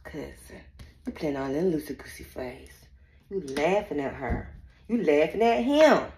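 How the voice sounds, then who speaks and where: Woman psychic reader, casual and blunt, laughs through her lines, very lively pitch, echoey room. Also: unhurried, a little hiss or hum. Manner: laughs often, blunt and profane, talks straight to viewers. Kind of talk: casual spiritual reading chat.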